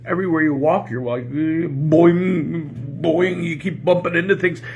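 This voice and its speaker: A man's voice: on the high side, fast talker, slight background noise. An older man who is a pastor, chatting casually and rambling with chuckles as he tells jokes on a morning show. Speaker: pastor and podcast host. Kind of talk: casual morning chat and joke telling. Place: home porch.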